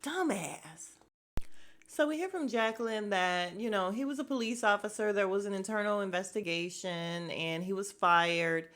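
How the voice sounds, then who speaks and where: A woman's voice: mid-range voice, moderate pace, few pauses, a bit bright. A young woman hosting a casual podcast, animatedly recapping a reality show, laughing, swearing and mimicking the cast. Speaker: podcast host.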